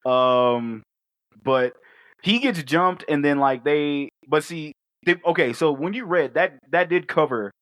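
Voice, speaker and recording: A man's voice: fairly high pitch, a little slow, a bit bright, dry recording. A man co-hosting a podcast, reviewing a movie in casual, profane chat and acting out scenes with laughter. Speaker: podcast co-host.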